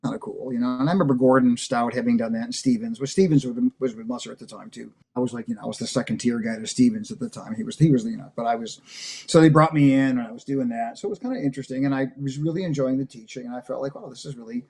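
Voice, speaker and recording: A percussion professor with a mid-range, steady, slightly rough and mellow voice talks quickly as an interview guest. He tells long personal stories in a rambling, conversational way, full of fillers and acted-out quoted dialogue.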